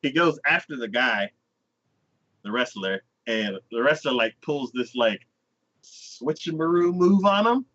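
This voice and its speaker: A man's voice: mid-range voice, lively intonation, a little slow, fairly bright tone. A man hosting a podcast, casually recapping an anime episode and acting out its characters in exaggerated voices. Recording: dull lo-fi podcast audio.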